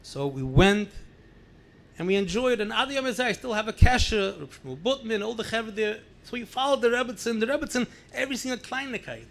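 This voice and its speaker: Middle-aged rabbi guy with a high voice, telling old family stories, keeps repeating words for emphasis. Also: a little fast. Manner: animated anecdotal storytelling, repeats words for emphasis. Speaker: rabbi sharing memories at a gathering. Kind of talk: storytelling speech.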